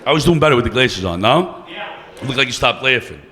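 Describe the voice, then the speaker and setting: A man's voice: mid-range voice, expressive, brisk, bright, forceful tone. A man doing stand-up, brash and profane, teasing the crowd. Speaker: stand-up comedian. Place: comedy club stage. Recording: long reverb of a club room.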